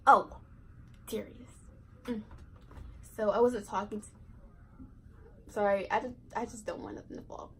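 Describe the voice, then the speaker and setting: A woman's voice: medium pitch, measured pace, pauses often, slight background noise, poor audio. A teenage girl telling a casual storytime vlog, chatty and full of fillers and asides. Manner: chatty, lots of fillers and self-interrupting asides. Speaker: vlogger.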